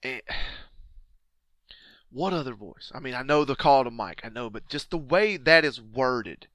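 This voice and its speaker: A man's voice: mid-range voice, expressive, takes it slowly, fairly bright tone, no echo. A man co-hosting a podcast in casual chat, incredulous and picking apart odd wording in a case. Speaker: podcast co-host. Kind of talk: casual true-crime chat.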